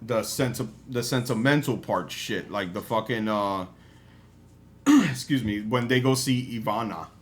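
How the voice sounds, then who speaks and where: A man's voice: fairly low pitch, measured pace. A man hosting a podcast in casual chat. He rambles, swears freely and laughs often. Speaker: podcast host.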